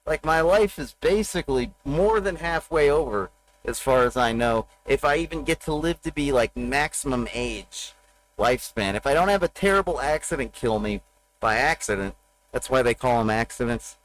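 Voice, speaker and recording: A man's voice: mid-range voice, expressive, moderate pace, slight background noise, low-quality recording. A middle-aged man livestreaming, ranting bluntly and profanely in a rambling, confessional monologue into a desk mic.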